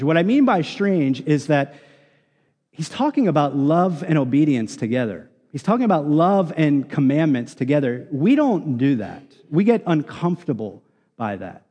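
A man delivers a sermon in an earnest, emphatic teaching voice that sits a bit high for a man. He often restarts his phrases as he presses a point. The sound carries the long reverb of a large hall. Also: darkish tone. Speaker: pastor.

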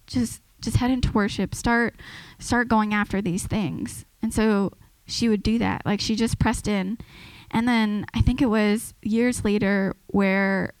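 A woman's voice: mid-range voice, no room sound, low-quality recording. A woman giving an informal, earnest sermon to a church, talking conversationally and often restarting her sentences. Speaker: preacher.

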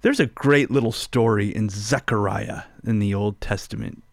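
A man preaching a sermon, telling a family story in a chatty way, asking the listeners questions and going soft and slow on key lines. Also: fairly low pitch, creaky, no echo. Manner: conversational, asks listeners rhetorical questions.

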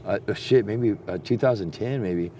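A man telling a long story in a profane, rambling, casual way that turns animated when he gets excited. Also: lowish voice, moderate pace, slight background noise. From Texas.

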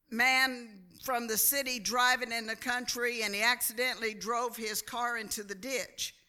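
Woman preaching, slow deliberate sermon, very bright voice, amen calls. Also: a little high. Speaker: church speaker.

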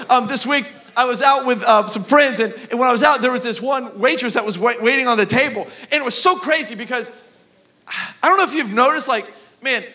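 A man preaching a sermon as pastor, casual and animated, with lots of fillers while telling stories. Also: very high-pitched. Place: church.

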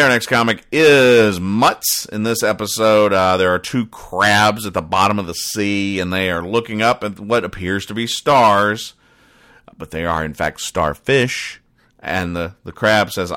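Low bright-toned deadpan man. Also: no room sound. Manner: dry, rambling, stops and restarts. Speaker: comedy podcast host. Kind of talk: deadpan comic-strip commentary.

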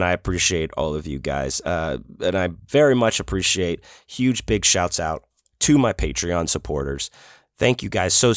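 A man's voice: sits low, no echo, clean studio sound. A middle-aged man hosting a casual solo podcast from his home office while sick, his voice scratchy, rambling and swearing freely. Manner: rambling, profane, self-deprecating. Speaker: podcast host.

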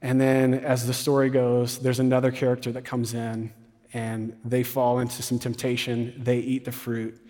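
A man preaching a conversational sermon as a campus pastor, retelling scenes with quick asides. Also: medium pitch, completely flat delivery, a little mellow, big-room sound.

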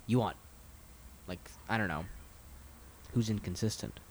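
A man's voice: on the low side, a little slow, a little hiss or hum. A man co-hosting a casual chat, musing aloud and teasing his partner. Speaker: podcast co-host. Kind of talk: casual chat about motor racing.

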